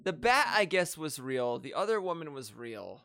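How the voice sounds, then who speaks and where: A man with a lively, rising-and-falling voice co-hosts a movie podcast, posing questions and restarting his sentences. The sound is dry and close, with a slightly higher pitch. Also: creaky, no echo. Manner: animated, asks questions, halting restarts. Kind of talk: casual podcast chat about a movie.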